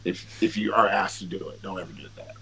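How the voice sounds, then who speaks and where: A man's voice: deep voice, little pitch movement, a little fast, bright, forceful tone, poor audio. A man, a rapper guesting on a podcast, telling long profane anecdotes in casual conversation, restarting sentences and acting out what others said. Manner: profane, rambling anecdotes with quoted dialogue; restarts and filler-heavy delivery. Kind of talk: casual storytelling.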